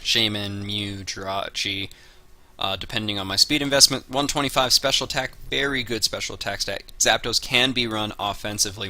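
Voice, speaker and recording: Brief: man, low voice with a sharp, forceful edge, casual draft breakdown, fillers. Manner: analytical, lists moves and stats, frequent "uh" and "um" fillers. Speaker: Pokemon draft league player.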